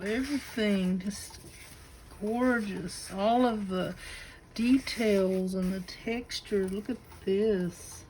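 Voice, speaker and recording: A woman with a Southern US accent showing a crafted notebook to her camera at home, gushing with admiration and slipping into breathy asides. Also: medium pitch, takes it slowly, darkish tone, slight background noise, rough recording. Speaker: craft channel host. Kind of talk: casual unboxing show-and-tell.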